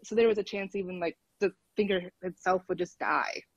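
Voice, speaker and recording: A woman's voice: on the low side, brisk, husky, no room sound, lo-fi sound. Chatty woman telling a story on a call. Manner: chatty, laughs often, acts out dialogue. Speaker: podcast guest. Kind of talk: casual storytelling. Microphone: phone call.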